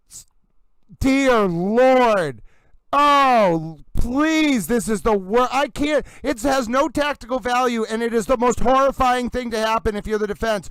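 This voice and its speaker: A man hosting a live commentary stream, theatrically exasperated, swinging between yelling and low muttering. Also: moderate pace, clear, resonant tone, dry recording, poor audio. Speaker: livestream host commenting on a trial.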